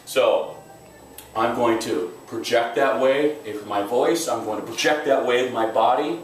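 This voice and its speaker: A man's voice: mid-range voice, unhurried. A man teaching a self-defense class, speaking in an intense, emphatic and direct way. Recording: echoey room, mic far off, faint noise.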